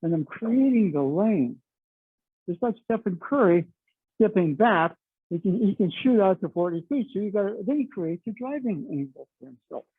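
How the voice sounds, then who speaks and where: Middle-aged male instructor, high gravelly voice, talky and explaining, dry tinny recording. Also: expressive, moderate pace, no echo. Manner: chatty, explains with frequent "you know" and "okay". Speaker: martial arts instructor. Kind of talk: teaching a class on the mat. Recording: dry, tinny phone-like sound.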